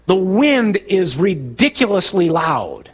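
A man preaches with a husky, slightly breathy voice that sits a little high for a man. He tells the story with animation and shouts out the dialogue of its characters. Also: big pitch swings, slow. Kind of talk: sermon.

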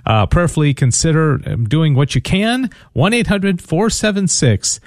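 Halting man pleading for radio pledges. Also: on the high side, very animated, dry recording. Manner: halting, repeats words, earnest pleading. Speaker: radio fundraiser co-host. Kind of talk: radio pledge drive chat.

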